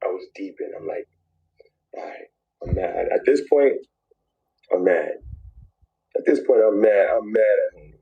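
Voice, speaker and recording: A man's voice: fairly low pitch, moderate pace, creaky, long pauses, breathy edge, phone-quality sound. A man telling an emotional personal story in a played clip, repeating phrases and dropping to near whispers.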